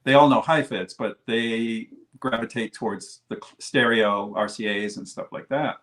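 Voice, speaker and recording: Male co-host, mid pitch, relaxed, halting delivery. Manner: easygoing, hesitant, filler-heavy. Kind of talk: casual chat.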